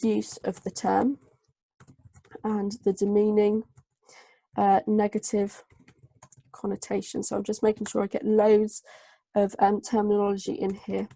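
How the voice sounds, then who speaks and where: A woman tutoring a live online class, her voice gravelly and mellow with a flat melody. She speaks haltingly, filling pauses as she writes. The sound is dry and close on a computer mic. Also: mid-range voice, no echo. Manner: slow, hesitant dictation with many fillers while writing. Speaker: English tutor.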